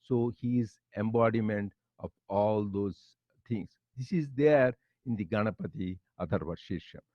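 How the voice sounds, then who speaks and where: A man leading a devotional study circle, explaining Sanskrit verses line by line with halting restarts. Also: on the low side, no echo. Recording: dull lo-fi dry recording.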